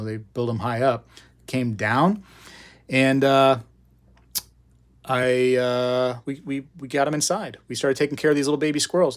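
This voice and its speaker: The middle-aged host of a live hobby show tells a casual, meandering story on a stream, chatty and digressive with plenty of fillers and asides. His voice sits at an ordinary middle pitch but gets loud and high at the exciting moments.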